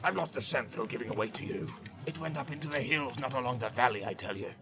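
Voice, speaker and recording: A man's voice: medium pitch, quick pace, gravelly, sharp tone. A man voicing a small, sullen male orc tracker in an audiobook, muttering and snarling his complaints. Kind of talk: audiobook character voice.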